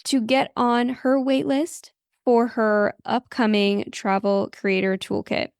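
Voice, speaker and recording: A woman podcast host with a fairly high voice and a heavy vocal fry, sounding tired late at night. She talks in a chatty, upbeat way into a close microphone in a dry, deadened space. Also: level tone, slow pace, dry recording. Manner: chatty and upbeat, laughs at herself. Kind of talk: podcast outro and shout-out.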